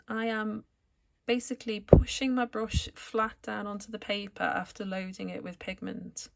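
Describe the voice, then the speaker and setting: A woman calmly explaining each step of a watercolour painting as she works, as an art tutor. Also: mid-range voice, gravelly. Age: adult, returned to art after school years. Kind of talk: painting tutorial narration while working.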